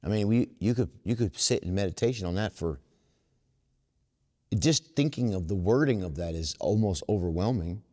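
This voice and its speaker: A man speaking at a twelve step workshop, earnest and preacher-like, slowing down to stress his points. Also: sits low, lively intonation, darkish tone, big-room sound. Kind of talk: recovery workshop talk.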